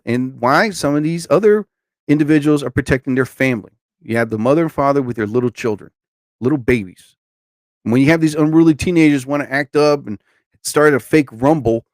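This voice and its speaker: A man's voice: medium pitch, dry recording. A man in his forties hosting a live stream, ranting in a blunt, emphatic way and stopping to greet viewers in the chat.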